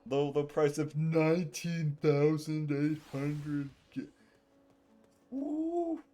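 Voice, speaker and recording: Playing a jolly, exaggerated drunk Brit, the streamer jokes through his game in a hammy fake British accent, laughing often and staying jovial throughout. His voice sits on the high side, expressive and dark-toned, and he takes his time, with faint music in the background.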